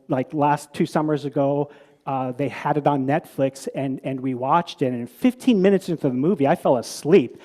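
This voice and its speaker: A man's voice: on the high side, a little mellow. A man giving a conversational sermon to a live audience, telling stories with many restarts and repeated words, then putting questions to the listeners. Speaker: preacher.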